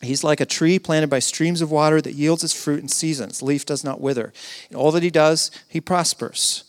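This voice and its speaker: A man preaching a sermon, earnest, asking rhetorical questions and dropping to hushed tones. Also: on the high side, fairly even intonation, normal speed. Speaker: pastor.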